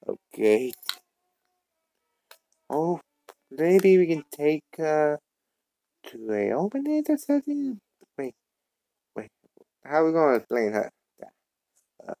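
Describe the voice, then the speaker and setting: A young man dubbing a fan comic and reading every part himself, with stumbling, halting lines and many restarts. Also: a little high, dark tone, dry recording. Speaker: voice actor doing all the parts.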